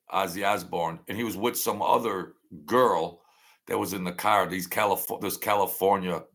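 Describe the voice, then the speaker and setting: A man's voice: lowish voice, vocal fry, pushed and bright. A man hosting a casual livestream, telling meandering stories that trail off and restart. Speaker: livestream host. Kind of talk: rambling casual storytelling.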